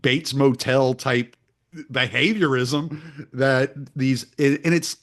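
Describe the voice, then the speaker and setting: Middle-aged american guy rambling thru stories on a podcast, laughs a lot, restarts sentences, ordinary pitch. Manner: rambling storyteller with many restarts, laughs often. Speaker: podcast host. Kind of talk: casual chat.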